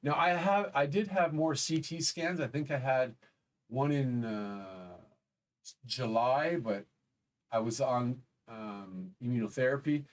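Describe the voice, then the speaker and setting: A man on a home live stream speaks in a somber, halting way, pausing often between thoughts. His voice sits at an ordinary middle pitch. He sounds a little distant from the microphone. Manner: halting, somber, many pauses. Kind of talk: live stream talk reading chat. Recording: voice a bit distant from the mic.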